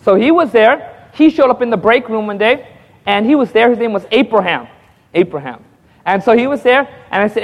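In a large hall, a man with a high voice speaks fast as an evangelist giving his testimony to a congregation. He tells it lively, acts out the dialogue with frequent chuckles and calls out to the audience for responses.

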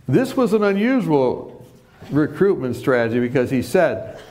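Animated man preaching with stories. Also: a little high, a little slow. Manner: animated storyteller, acts out quotes, laughs often. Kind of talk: sermon with personal storytelling.

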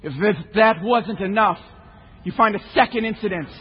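A man preaching a sermon with passion, swinging between shouting and hushed tones. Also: high voice, normal speed, husky. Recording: echoey hall, slightly muffled.

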